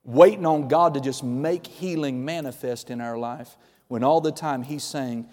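A man preaching a sermon, swinging between hushed and loud, in a church hall. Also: medium pitch, measured pace. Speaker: pastor. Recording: reverberant hall.

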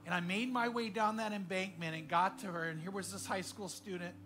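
Man preaching, high voice, earnest storytelling, hushed moments, faint music behind. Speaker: pastor. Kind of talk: sermon.

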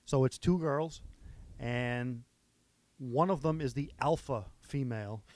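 A man's voice: mid-range voice, slow, a little mellow, no room sound. A man co-hosting a podcast in casual chat, telling stories animatedly and laughing often. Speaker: podcast co-host.

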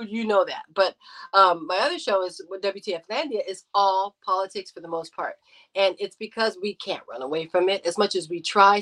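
A woman guest on a podcast, talking in a casual debate with an animated, emphatic delivery and loud outbursts. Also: mid-range voice, low-quality recording. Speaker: podcast guest, radio show host.

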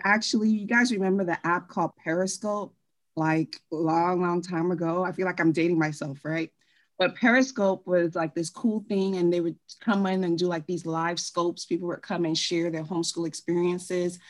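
A woman from Trinidad, chatting quickly and animatedly about her experiences. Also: on the low side. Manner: fast, animated storytelling with laughs. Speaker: co-host. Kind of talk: casual chat.

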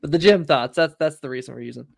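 A man's voice: a little high, quick pace, gravelly, no echo, studio quality. A man co-hosting a casual podcast, easygoing and chuckling as he tells stories. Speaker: podcast co-host.

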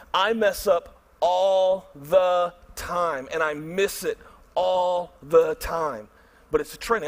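A middle-aged man, preaching a storytelling sermon in an animated way and acting out his own thoughts. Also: high voice. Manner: animated, acts out his own inner voice loudly. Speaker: pastor.

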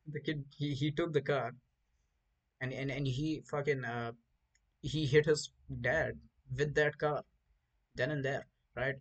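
A man's voice: mid-range voice, fairly even intonation, a little slow, long pauses, low-quality recording. A man hosting a podcast, telling rambling stories in casual chat with lots of swearing and stumbling restarts. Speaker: podcast host.

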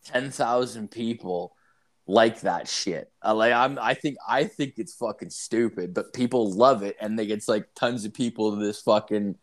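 A man's voice: fairly low pitch, normal speed. A man co-hosting a podcast, talking in a crude, rambling way full of swearing and "like". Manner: profane, rambling, heavy "like" filler. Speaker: podcast co-host. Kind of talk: crude casual chat.

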